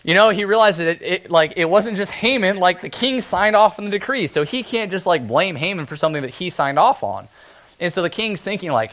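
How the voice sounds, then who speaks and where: A male pastor giving a conversational sermon, easygoing and chatty. He often breaks into brief acted-out voices to make a point. His voice sits a little higher than most men's. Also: animated, fairly bright tone. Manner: conversational, acts out characters in quick asides.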